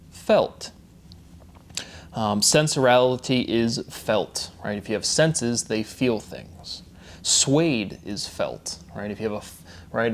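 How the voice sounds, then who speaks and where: A man giving an unscripted lecture, rambling and often asking questions he answers himself, tagging "right?" onto his points. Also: mid-range voice. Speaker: independent lecturer. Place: room with a notebook at hand.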